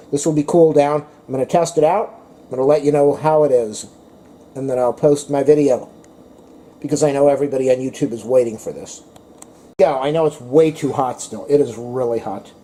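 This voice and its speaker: A man's voice: mid-range voice, a little fast, dark tone. Chatty man in a home cooking vlog. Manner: chatty, talks to viewers and his dog while eating. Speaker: cooking vlogger.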